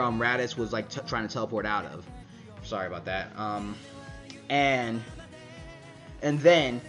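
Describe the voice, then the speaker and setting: A man's voice: medium pitch, a bit bright. A man casually recapping a comic chapter, rambling with many fillers and restarts. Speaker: manga reviewer.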